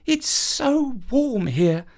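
A man's voice: extremely high pitch, very animated, very slow, voice pushed up, heavily acted. A man voicing a tired, reluctant mother in a children's story read aloud. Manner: tired, reluctant, pushes back. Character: weary, reluctant mum on a hot day.

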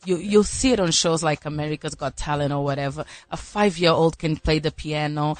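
Angolan-accented actress guest, emphatic and lively, dry close studio sound. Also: female voice, sits low, fairly quick, no room sound. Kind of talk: casual studio chat.

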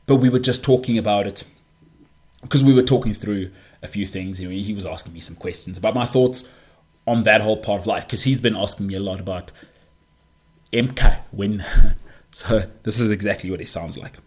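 Lowish-voiced rambling male podcast host. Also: brisk, a little mellow. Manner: rambling, self-deprecating, many restarts. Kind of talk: casual solo monologue.

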